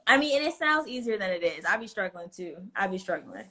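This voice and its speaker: A woman hosting a live stream chat, playful and quick to laugh. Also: mid-range voice, very animated, pushed and bright. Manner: laughs often, playful and chatty. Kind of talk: casual chat.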